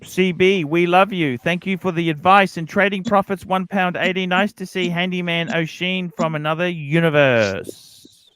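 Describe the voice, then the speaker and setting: A man's voice: sits high, normal speed, fairly bright tone, clean tone. A man hosting a casual livestream, asking blunt questions and swearing freely. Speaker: livestream host.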